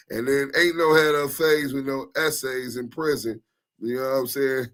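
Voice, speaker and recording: A man's voice: mid-range voice, moderate pace. A man co-hosting a casual chat, telling a story in loose slang and acting out the people in it. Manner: animated, slangy storyteller acting out quoted voices. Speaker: co-host.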